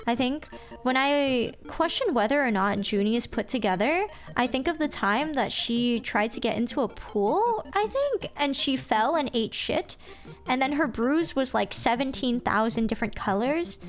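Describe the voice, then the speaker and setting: A woman's voice: on the high side, lively intonation, moderate pace, soft background music. A woman streamer chatting casually and playfully, swearing freely and acting out her friends' lines.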